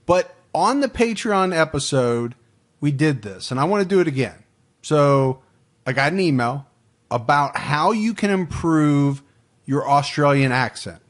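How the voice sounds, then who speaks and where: A man's voice: fairly high pitch, expressive, measured pace. A man hosting a true crime podcast, reading out supporter names and case facts in a dry, matter-of-fact way. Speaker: podcast host.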